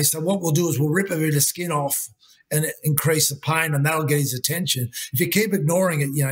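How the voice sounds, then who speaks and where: A man's voice: fairly high pitch, slightly rough. A man, a guest coach talking earnestly in an interview, often saying "you know" and "mate". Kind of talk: conversational interview talk.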